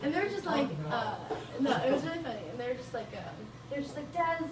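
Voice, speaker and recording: A woman's voice: high voice, animated, fast, few pauses, a crowd in the background. A young woman from Bolivia doing a stand-up comedy set, rambling, crude and laughing often. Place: small venue with live audience. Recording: roomy, distant live room recording with noise.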